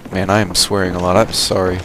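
A young man talks over a video game in a loose, rambling way, swearing freely and drifting between tangents, and he sounds tired. His voice sits a little low. Loud gunfire and explosions from the game play clearly behind him. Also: little pitch movement, fast, noisy background. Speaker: gameplay commentator. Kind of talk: casual rambling commentary over gameplay.

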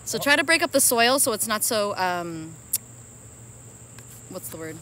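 A woman co-hosting a casual gardening vlog, giggly and bossy, often exclaiming loudly. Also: medium pitch, lively intonation, measured pace. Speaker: co-host. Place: home garden outdoors. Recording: outdoor noise, crickets. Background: crickets and birds.

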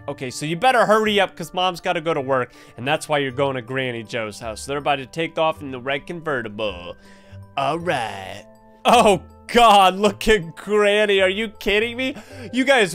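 An excitable young man narrating a scary game as he plays, his voice sitting a little high. He jokes, reacts loudly and keeps the commentary rolling, with soft music underneath. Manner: excitable, jokey, exclaims often. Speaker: gaming video host.

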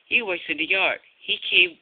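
A man's voice: sits high, moderate pace, voice pushed up. A man voicing Edward, a sensible, kindly male tank engine, in a homemade storybook video, explaining and mildly scolding. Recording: tinny phone-like home recording with faint hiss.

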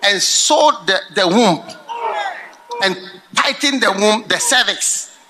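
A middle-aged man preaching a sermon, telling stories with animated swings into loud, laughing outbursts. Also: high voice, takes it slowly, crowd noise. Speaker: pastor.

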